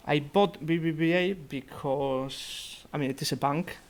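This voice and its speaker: Speaking a bit slowly in a voice on the high side, a young adult organiser of a student investment society thinks out loud while going over their portfolio in a virtual meeting. He fills it with hesitations and restarts, heard through a computer mic on a video call.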